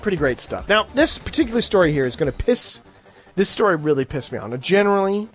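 A man with a high voice that swoops up and down rants sarcastically as a podcast host. He swears freely and talks in a loose, casual way. Faint music plays behind him. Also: fast talker, breathy edge. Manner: profane, sarcastic, animated. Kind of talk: casual ranting chat.

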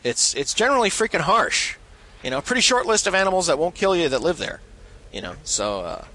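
Bright, animated sarcastic male host. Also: sits high, brisk. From Canada. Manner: rambling, sarcastic, swears often, repeats words. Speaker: show host. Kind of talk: casual solo commentary, reading listener mail.

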